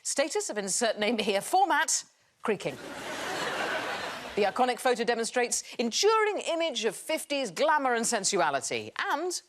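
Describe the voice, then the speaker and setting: Wry woman hosting a quiz show. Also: a little high. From England. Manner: wry, teasing, quick asides. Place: TV studio with audience. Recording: TV studio audience laughter, some noise.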